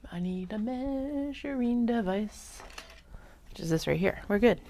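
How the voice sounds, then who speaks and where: A woman's voice: on the high side, expressive, unhurried, warm tone, slight background noise. A woman vlogging casually while sewing, chatty, muttering and half-whispering to herself as she works.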